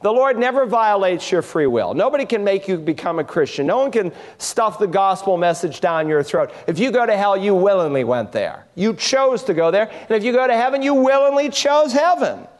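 A man preaching a sermon as pastor, expressive, sinking low and quiet for tender passages. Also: moderate pace, few pauses, long reverb tail.

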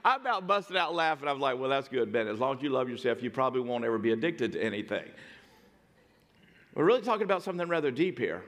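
A man's voice: medium pitch, lively intonation, fast. Man preaching in a reverberant hall. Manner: storytelling, dynamic swings from hushed to loud emphatic. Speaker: pastor. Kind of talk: sermon.

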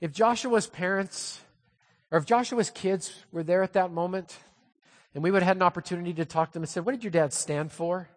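A male pastor preaching a sermon with animated, humorous storytelling, recorded in a church hall with long reverb. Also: high voice, brisk.

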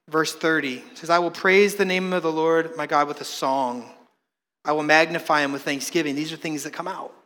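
A man preaching a sermon as pastor to his congregation in church, animated and joking with the people in the room. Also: high voice. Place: church hall. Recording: long reverb of a church hall.

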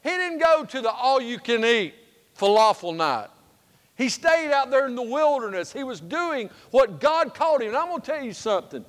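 Man, pastor, folksy humorous sermon, loud then hushed delivery, high voice, long church reverb. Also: very animated, normal speed. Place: church sanctuary.

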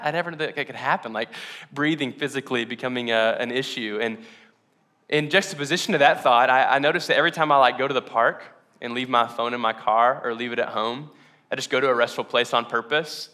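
A man's voice: mid-range voice, sharp tone. A man preaching a casual, conversational sermon to his congregation, laughing often and asking them questions. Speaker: pastor.

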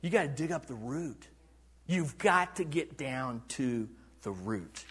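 A male pastor preaching a sermon, asking the congregation questions and swinging between loud bursts and hushed, confiding lows. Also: lively intonation, slow, breathy edge. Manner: asks the congregation questions and waits for answers.

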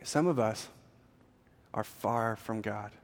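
A man's voice: lowish voice, slow pace. Earnest man preaching in a hall. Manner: earnest, conversational, with fillers. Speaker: pastor. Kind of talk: sermon.

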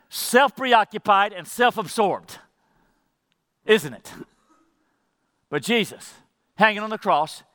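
Earnest middle-aged male pastor preaching, high bright voice, shifting to hushed emphasis. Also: dry recording. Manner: earnest, varied pacing with dramatic quiet drops. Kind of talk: sermon.

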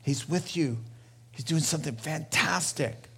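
A middle-aged man preaching a sermon as pastor, telling stories with lively voiced quotes and laughter. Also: a little high, unhurried, creaky, slightly rough.

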